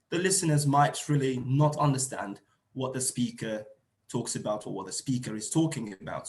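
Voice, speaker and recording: Man lecturing on a call, echoey. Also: mid-range voice. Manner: explanatory, repeats and rephrases points, frequent fillers. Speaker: teacher trainer presenting a webinar. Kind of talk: online seminar lecture.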